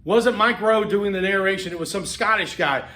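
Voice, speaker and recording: A man with a fairly high voice lectures to a class in a loose, chatty way, trailing into fillers and restarting his sentences. The sound rings around a reverberant classroom. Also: moderate pace, pushed and bright. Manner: conversational, rambling with many fillers and restarts. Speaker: college instructor.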